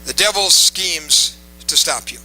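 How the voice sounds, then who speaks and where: A man's voice: a little high, unhurried, sharp tone, poor audio. A man preaching a sermon to a live audience, emphatic and repeating key phrases, coaxing the crowd to respond.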